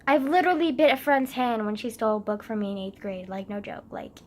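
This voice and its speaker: High-pitched young woman rambling at her webcam, swears a lot, says like every other word. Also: quick pace, slight background noise. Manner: rambling, self-mocking, swears often, fillers everywhere. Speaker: vlogger. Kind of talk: rambling casual monologue.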